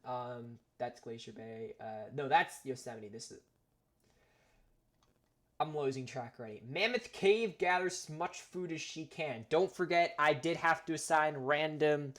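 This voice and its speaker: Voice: medium pitch, a little slow, fairly bright tone. A host giving casual, chatty commentary over a simulator game, laughing often and getting sidetracked. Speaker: gaming video host.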